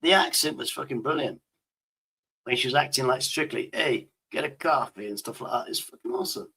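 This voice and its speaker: A man hosting a loose, casual talk show, talking in a rambling way full of restarts and swearing. His voice sounds bright and forward at a middle pitch. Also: expressive, a little fast, gravelly, husky. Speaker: host. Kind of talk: casual chat.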